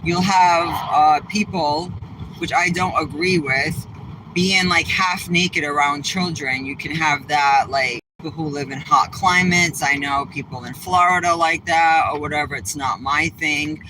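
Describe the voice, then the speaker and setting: A man with a Southeastern Massachusetts accent talks to his livestream viewers from inside a car, and his voice sounds bright and a touch high. He rambles bluntly and swears freely. A faint hum of the vehicle sits behind him. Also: fairly even intonation, unhurried, low-quality recording. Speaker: vlogger. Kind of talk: casual livestream chat while driving. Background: faint vehicle noise.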